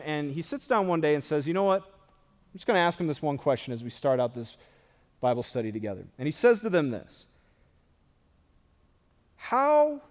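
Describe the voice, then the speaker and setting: A man with a high-pitched voice delivers a sermon, reading scripture and then talking it through in a conversational, animated way. His voice rings out in a hall with long reverb. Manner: conversational, animated preaching with asides. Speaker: pastor.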